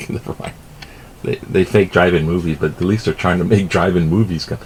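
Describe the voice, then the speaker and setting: A man's voice: low-pitched, animated, moderate pace, pauses often, darkish tone, a little hiss or hum, low-quality recording. A middle-aged man giving rambling, casual news commentary, self-amused and swearing offhandedly. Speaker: vlogger reading the news.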